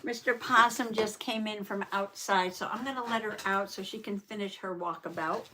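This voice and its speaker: A woman hosting a casual craft livestream, chatty and quick to laugh, reading out chat comments and repeating herself, with allergies that make her clear her throat. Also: medium pitch, fairly even intonation, bright, forceful tone, slight background noise. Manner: says howdy and reads chat comments aloud.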